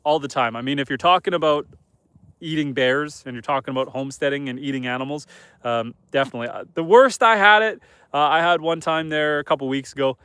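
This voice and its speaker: Outdoors among the animals on his homestead, a Northern Canadian man hosts a casual live stream, chatting loosely and reading viewers' comments aloud. He talks fast in a high, clear, resonant voice, and the recording is dry, his manner relaxed and rambling.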